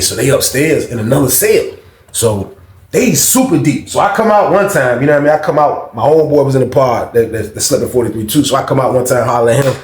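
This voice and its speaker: A man's voice: medium pitch, fast talker. A man telling a story from his own life in a casual, slangy way, often checking in with his listener. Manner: street slang, keeps asking "you know what I mean". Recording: roomy echo.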